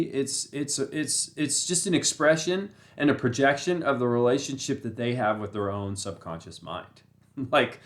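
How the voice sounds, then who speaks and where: Casting note: mid-pitched man, loose conversational host, rambles, keeps checking in with "right?". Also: a bit bright. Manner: breaks into laughter, repeats phrases for emphasis. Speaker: channel host. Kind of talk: casual spoken talk on Buddhism and the mind.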